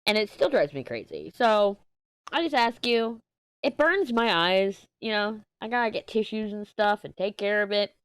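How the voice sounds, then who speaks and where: A woman's voice: medium pitch, animated, normal speed, a bit bright, clear, resonant tone, no room sound. A woman hosting a crafting vlog, talking candidly and emotionally to camera, tearful and rambling with frequent restarts and swearing. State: tearful, upset. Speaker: crafting channel host. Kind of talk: casual chat to camera.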